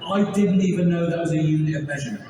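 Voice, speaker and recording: A man's voice: a little high, racing, heavy background noise. An English man in his sixties doing a stand-up comedy set in a large arena, laughing through his lines, swearing freely and acting out both sides of his stories. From England. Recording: echoey arena sound from far off.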